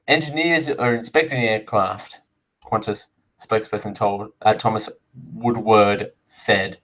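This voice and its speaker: A man's voice: lowish voice, fairly bright tone, low-quality recording. A man hosting a live show, reading items out and drifting into chatty, rambling asides. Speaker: host. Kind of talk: live show casual chat.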